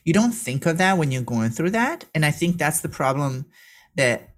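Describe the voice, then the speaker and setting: A woman's voice: low-pitched, very animated. Earnest woman telling a hard memory. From Serbia. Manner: halting, with frequent restarts; openly emotional, earnest. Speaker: guest. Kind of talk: personal storytelling in conversation.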